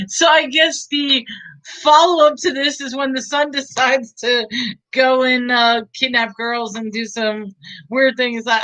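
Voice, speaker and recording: A woman's voice: high voice, fairly even intonation, unhurried, sharp tone, poor audio. A woman giving a casual, rambling movie review, chatty and giggly, with many fillers.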